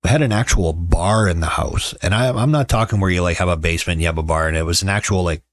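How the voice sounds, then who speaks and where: A man's voice: low-pitched, fast, no echo. A middle-aged man hosting a casual livestream, chatting with viewers in a sarcastic, joking way and telling stories. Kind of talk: casual chat.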